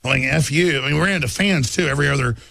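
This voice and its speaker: Gravelly, excitable man on a talk show. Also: very fast, no echo, clean studio sound. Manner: emphatic, excitable, drops low for asides. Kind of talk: political talk show chat.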